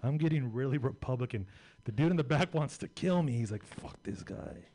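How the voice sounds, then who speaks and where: A man's voice: mid-range voice, lively intonation, quick pace, warm tone. A young adult man doing a stand-up set, rambling and crude with lots of filler words. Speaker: stand-up comedian.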